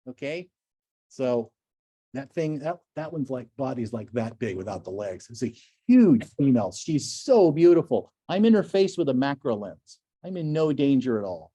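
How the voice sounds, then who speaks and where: Animated older man gushing over slides. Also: mid-range voice, normal speed, husky, no room sound. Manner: enthusiastic, gushing, chatty asides. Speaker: naturalist lecturer. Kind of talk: slide talk to a club.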